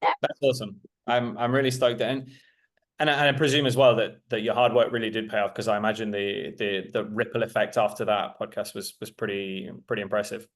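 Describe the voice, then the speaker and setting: A man hosting an interview over a video call, talking in a halting way and repeating words as he restarts. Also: on the low side, level tone. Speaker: interview host. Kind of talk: casual interview.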